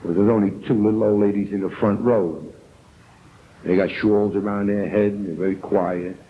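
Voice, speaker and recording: An older man with a New York accent tells his story at a recovery meeting, earnest and plain-spoken, sometimes acting out the people in it. His voice sits low. The sound is thin and tinny, like an old cassette, with faint hiss underneath. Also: steady tone, normal speed. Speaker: AA speaker. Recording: tinny old tape recording.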